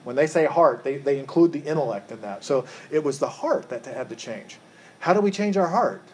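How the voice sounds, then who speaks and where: Questioning Bible teacher, slightly high voice. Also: male voice, lively intonation, fairly quick, darkish tone, a little hiss or hum. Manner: quizzes the group, repeats words when rephrasing. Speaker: Bible study leader.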